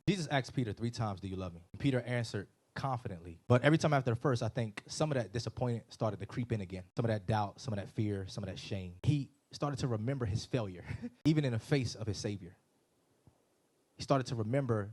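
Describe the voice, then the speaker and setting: Animated male pastor preaching. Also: mid-range voice, a little fast. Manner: animated preaching, swinging from loud peaks to hushed reading; casual conversational asides to the congregation. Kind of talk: sermon.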